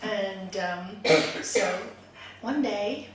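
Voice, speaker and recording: A woman's voice: mid-range voice, drawn-out words. Woman, yoga teacher, chatty storytelling, strong room echo, background noise. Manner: animated, laughing, chatty. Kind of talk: spiritual talk with storytelling. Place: meditation group's meeting room. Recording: echoey room, distant mic, background noise.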